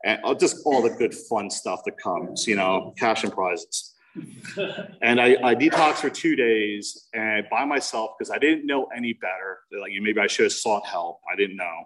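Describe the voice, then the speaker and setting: A man's voice: fairly low pitch, a little slow, fairly bright tone, recorded from a distance, poor audio. A man in his forties from New Jersey shares his recovery story at a meeting. He speaks candidly and mocks himself with wry humor. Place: meeting room.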